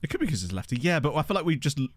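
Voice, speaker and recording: Rapid-fire and very animated, a young streamer with a fairly high voice jokes around in casual gaming livestream chat. He laughs a lot and occasionally eats mid-sentence. The desk-mic audio is dry.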